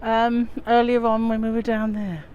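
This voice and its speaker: A woman's voice: on the high side, little pitch movement, normal speed, darkish tone, highs cut off. A woman chatting casually as she vlogs a walk over a windy river bridge, a bit out of breath, filmed on a handheld phone. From England. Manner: chatty and rambling, many fillers. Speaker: vlogger. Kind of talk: casual walking vlog. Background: wind and passing aircraft.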